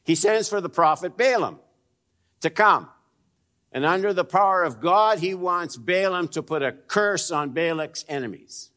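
A man preaching a sermon, swinging between raised emphasis and hushed, low asides, and putting direct questions to his listeners. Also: expressive, unhurried. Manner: direct, probing questions to the congregation. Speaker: pastor.

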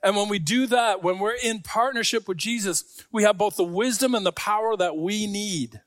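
A man's voice: high-pitched, normal speed, dry recording, clean studio sound. A man preaching a sermon to a congregation, talking in a conversational way with joking asides. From Scarborough. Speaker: pastor.

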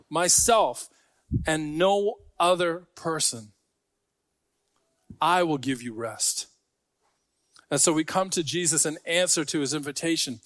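High-voiced man preaching a sermon. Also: dry recording, clean studio sound. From Scarborough. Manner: conversational, joking asides to the congregation. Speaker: pastor.

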